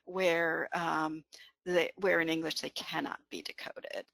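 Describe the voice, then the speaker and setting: A woman's voice: low-pitched, steady tone, unhurried, gravelly, a bit bright. A woman presenting an online teaching session, explaining patiently with many fillers and "right?" check-ins. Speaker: webinar presenter on bilingual education.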